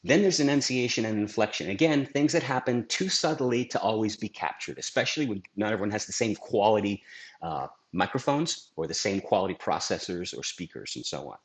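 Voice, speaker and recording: A man's voice: on the low side, a little fast. A middle-aged man teaching a scripted video lesson on influence as a trainer, emphatic and asking rhetorical questions. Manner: lively, emphatic presenter who asks rhetorical questions. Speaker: sales trainer.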